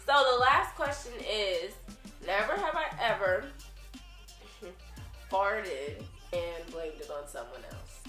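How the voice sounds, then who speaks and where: A woman's voice: mid-range voice, animated, takes it slowly, sharp tone, recorded from a distance. A teenage girl chatting playfully on her vlog, telling stories in a teasing, giggly way. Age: teens. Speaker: vlogger. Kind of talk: casual chat. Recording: roomy sound with faint music.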